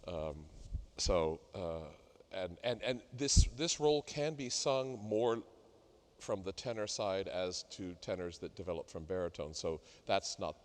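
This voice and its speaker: A middle-aged man coaching a singer in a masterclass, talking haltingly with many fillers and sung demonstrations. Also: sits low, lively intonation. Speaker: vocal coach leading a masterclass. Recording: reverberant hall.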